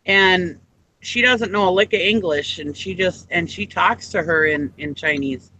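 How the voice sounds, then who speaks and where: A man chatting on a live morning show, his voice sitting high and sounding bright and forward. He rambles, circling back with fillers and false starts as he tells a story. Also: unhurried, a little hiss or hum, poor audio. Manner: rambling, many ums and restarts. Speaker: co-host. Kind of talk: casual chat.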